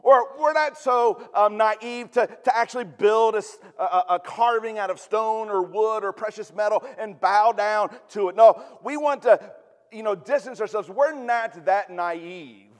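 A man's voice: sits high, a little slow, in a large hall. A man preaching a sermon in a conversational way, with humorous asides. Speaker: pastor.

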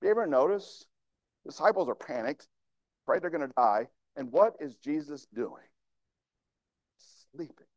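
A high-voiced male pastor delivers a sermon in a conversational way, posing questions to the congregation. He is expressive and a little mellow, speaking at a moderate pace with long pauses, and the sound is dry and close with little room echo.

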